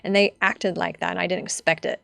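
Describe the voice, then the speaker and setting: Chatty young woman with a gravelly edge. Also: fairly low pitch, flat delivery, fairly quick, fairly bright tone. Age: young adult. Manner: chatty storyteller, many fillers like "like" and "you know". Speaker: guest. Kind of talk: casual interview chat.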